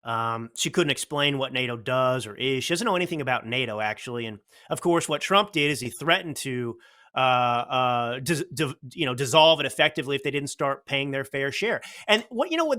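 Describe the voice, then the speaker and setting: A man hosts a political commentary talk show in a bright, forceful voice. He is blunt and combative. He fires off rhetorical questions. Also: mid-range voice, animated, brisk. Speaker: show host.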